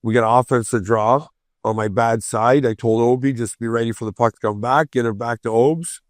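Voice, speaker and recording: A man, a former pro hockey player, telling profane, animated stories as a podcast guest and acting out other people's voices. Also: mid-range voice, fairly quick, dry recording, studio quality. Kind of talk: casual storytelling on a podcast.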